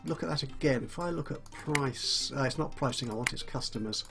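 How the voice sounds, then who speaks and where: A man's voice: mid-range voice, brisk, vocal fry. A man casually commentating a management game he is playing, musing aloud and correcting himself as he goes. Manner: musing, self-correcting, chuckles often. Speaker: let's play host. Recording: faint music behind.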